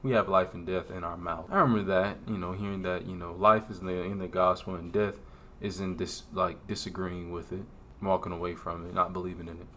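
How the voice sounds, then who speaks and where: A young man giving an earnest, emotional, halting confessional talk in a vlog. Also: low-pitched, steady tone, bright, forceful tone, a little hiss or hum. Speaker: faith vlogger.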